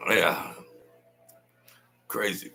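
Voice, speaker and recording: Animated storytelling man, bright tense voice. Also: extremely slow. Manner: animated, rambling, acts out quoted voices, repeats himself. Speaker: host telling stories from mob life. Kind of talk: casual storytelling monologue. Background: lawnmower outside.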